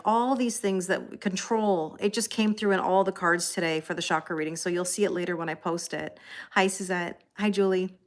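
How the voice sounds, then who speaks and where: A tired Canadian woman hosting a tarot livestream in casual chat, greeting viewers by name with frequent ums and light laughs. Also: medium pitch.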